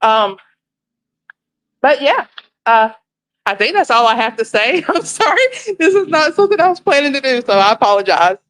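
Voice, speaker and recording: A woman's voice: high-pitched, big pitch swings, normal speed, long pauses, fairly bright tone, no echo, rough recording. An out-of-breath woman giving a chatty, apologetic live update by phone from outdoor grounds. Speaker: volunteer calling in to a live panel. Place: outdoors at a school grounds in summer heat.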